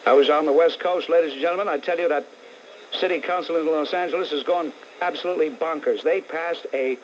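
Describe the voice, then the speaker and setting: The call-in show's host, a middle-aged man with a New York accent, sounds a little high and brisk as he bluntly, sarcastically rants at callers and listeners. The muffled old AM radio tape carries a little hiss or hum.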